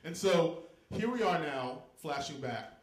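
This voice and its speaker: A man from Texas doing stand-up comedy in a live venue, campy and loud, jumping into shrieking high squeals for punchlines. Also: lively intonation, measured pace, reverberant.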